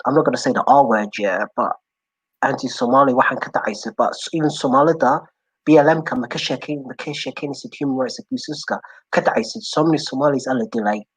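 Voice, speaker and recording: A man's voice: mid-range voice, fast, slightly rough, no room sound, rough recording. A man joining a casual stream as a guest, speaking earnestly and switching between English and Somali. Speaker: guest caller. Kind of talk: casual online stream chat.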